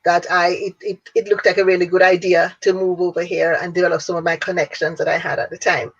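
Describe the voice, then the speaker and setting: A woman's voice: on the low side, flat delivery, fast, slightly rough. Jamaican woman telling her story animatedly. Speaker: guest, speaker and businesswoman. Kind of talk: interview storytelling. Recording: dull lo-fi audio.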